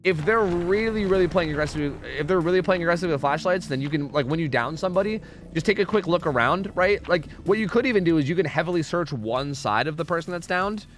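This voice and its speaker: A man's voice: on the high side, animated, fast, soft background music. A man streaming a game live, giving casual commentary, swearing often and chatting with his viewers. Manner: laid-back, swears often, chats with viewers.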